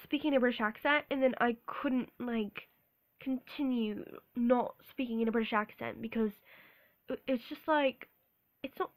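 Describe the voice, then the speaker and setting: Awkward young woman with a sore throat. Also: sits high. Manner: awkward, halting, laughs often. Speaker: vlogger. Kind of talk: casual rambling vlog.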